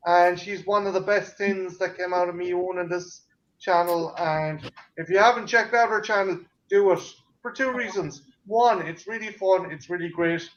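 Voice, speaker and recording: Boisterous Irish man with a high voice. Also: moderate pace, highs cut off. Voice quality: profane and boisterous. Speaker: channel host. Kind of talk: casual chat.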